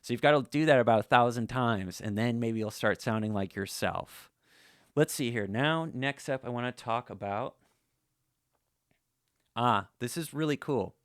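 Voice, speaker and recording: A man's voice: mid-range voice, moderate pace, dry recording, studio quality. A man giving a casual, conversational guitar lesson, full of "you know" fillers. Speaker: slide guitar teacher.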